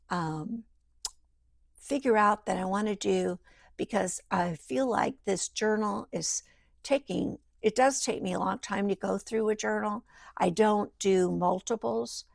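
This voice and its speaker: Gravelly woman murmuring through her crafting. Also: medium pitch, dry recording. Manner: rambling, thinks aloud, drifts into soft murmurs. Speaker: journal maker. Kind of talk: casual craft walkthrough. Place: home craft table beside a sewing machine.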